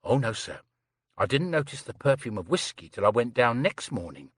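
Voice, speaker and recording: A man's voice: mid-range voice, big pitch swings, moderate pace, a bit bright, breathy edge, dry recording, studio quality. A man voicing a chatty, prim young housemaid who rattles on breathlessly, saying "sir" constantly. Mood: flustered. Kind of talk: audiobook character reading.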